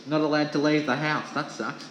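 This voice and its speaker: Aussie man on ham radio, halting, earnest, echoey room. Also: fairly high pitch, fairly even intonation, heavy background noise. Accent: Australian. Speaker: radio net member. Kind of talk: casual amateur radio chat. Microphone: ham radio transceiver mic.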